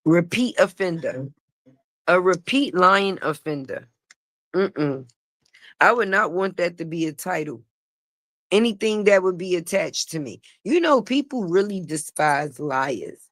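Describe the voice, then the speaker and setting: A woman's voice: fairly low pitch, lively intonation, unhurried, no room sound. A woman giving casual gossip commentary on a livestream, blunt, sassy and profane, laughing often. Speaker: online commentator.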